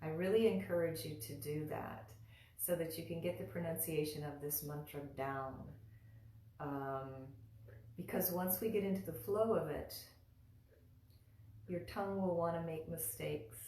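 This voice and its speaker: A woman teaching mantra pronunciation in a live online lesson, patiently repeating each syllable slowly for her students to practice. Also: low-pitched, warm tone, echoey room, a little hiss or hum.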